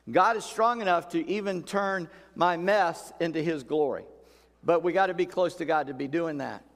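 A man's voice: fairly high pitch, fairly bright tone, big-room sound. A male pastor preaching a sermon in a folksy, conversational way, repeating key phrases for emphasis.

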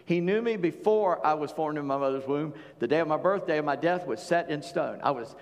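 A man preaching a sermon in a relaxed, folksy way, breaking off into chatty asides. His voice sits a bit high. A long reverb trails behind him as in a large hall. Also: fairly quick. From Charleston, South Carolina. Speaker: pastor.

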